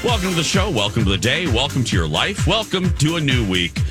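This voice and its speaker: A man hosts morning radio, his pitch swinging widely as he banters. He sounds playful and upbeat in a studio, with music clearly audible underneath. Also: brisk. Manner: upbeat, playful, lively delivery. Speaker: radio morning show host.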